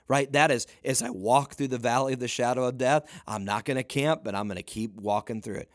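A leadership coach's motivational talk, delivered by a man with a mid-range voice who goes a little fast and barely pauses. The sound is dry and studio quality, and his emphatic delivery keeps returning to "listen" and building to near-shouts.

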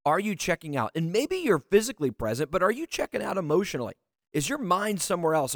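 A man in a mid pitch gives a motivational talk as a leadership coach. He speaks to his listeners directly and earnestly, often repeating a word as he pushes a point. The sound is dry and close, with no room echo. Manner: earnest, direct, repeats words when emphasizing.

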